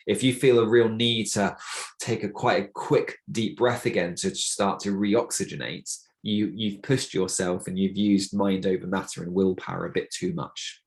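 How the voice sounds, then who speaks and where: A man presenting a webinar on breathwork, explaining things in an encouraging, plain way with the odd filler and restart. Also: lowish voice.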